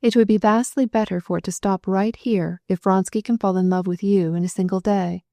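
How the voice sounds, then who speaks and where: A woman reading the part of a gentle, observant married noblewoman in an audiobook. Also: medium pitch, steady tone, brisk, gravelly, no room sound, close to an everyday voice.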